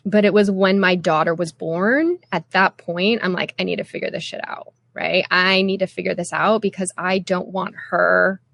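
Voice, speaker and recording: Woman, 30s, guest coach; casual and talkative, fry in the voice. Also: mid-range voice, no room sound. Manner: chatty, many fillers like "like" and "you know". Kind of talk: conversational interview.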